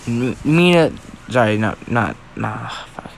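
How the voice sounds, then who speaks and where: Tired young guy improvising a story; rambling, apologetic, mid-pitched, faint hum behind. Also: normal speed, creaky.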